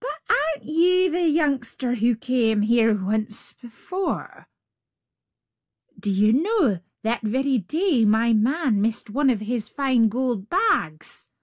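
A woman voicing a big, tall giantess, the ogre's wife, who scolds in a high, slow voice. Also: big pitch swings, dry recording, studio quality. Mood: scolding.

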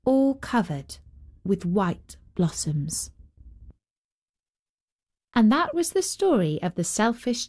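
A woman hosting and narrating a fairy tale with gentle, expressive storytelling. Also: mid-range voice. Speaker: storyteller and host.

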